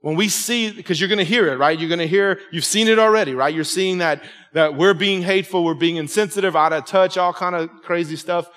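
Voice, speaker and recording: Emphatic preaching pastor in a reverberant hall. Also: male voice, sits high, fairly quick, hardly any pauses, a bit bright. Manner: emphatic, conversational preaching with repeated "right?". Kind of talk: sermon. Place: church sanctuary with congregation.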